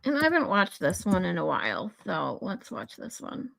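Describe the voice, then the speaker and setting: A woman hosting a livestream, chatting in a relaxed, easy way. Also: on the low side, normal speed, gravelly. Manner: relaxed, chatty, laughing often. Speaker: livestream host. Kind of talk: casual livestream chat.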